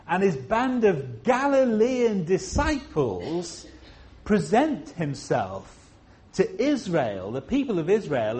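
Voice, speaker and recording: A man from Liverpool with a faint Liverpool accent, preaching a sermon at a church service. He is expressive, slows down to stress phrases, jumps high for emphasis, and adds humorous asides. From Liverpool, England.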